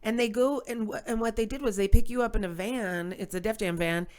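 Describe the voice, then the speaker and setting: Animated, profane woman comic. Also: on the high side, a little fast, clean tone. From New York. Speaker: guest comedian. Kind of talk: casual podcast chat.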